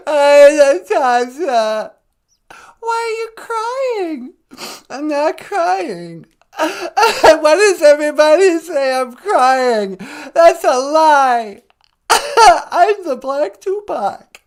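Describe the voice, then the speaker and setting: A woman's voice: high voice, big pitch swings, drawn-out words, exaggerated voice. A woman voicing a whiny male celebrity caller who fake-sobs, giggles and insists he is innocent, in a comedic prank-call sketch. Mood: whiny sobbing.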